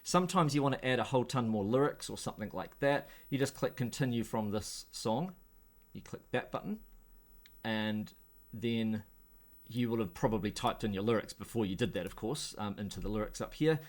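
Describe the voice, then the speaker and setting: Relaxed man walking through a tutorial. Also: lowish voice, normal speed. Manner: relaxed, thinking aloud with small restarts. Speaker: host. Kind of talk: casual screen-share tutorial.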